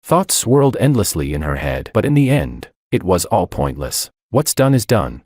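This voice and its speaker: A man's voice: sits low, a little mellow, no room sound, studio quality. A man narrating a romance story in first person with dramatic, scripted delivery.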